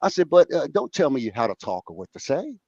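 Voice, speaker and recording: A man's voice: medium pitch, very animated, brisk, a little mellow, no echo, highs cut off. A man hosting a casual talk show, telling stories, acting out quotes and swearing freely. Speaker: host. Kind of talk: casual chat and storytelling.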